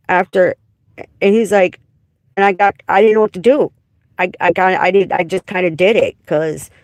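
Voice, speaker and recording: A woman's voice: lowish voice, no echo, clean studio sound. A woman in her forties from Wisconsin, telling rambling, profane stories on a casual livestream from a parked car.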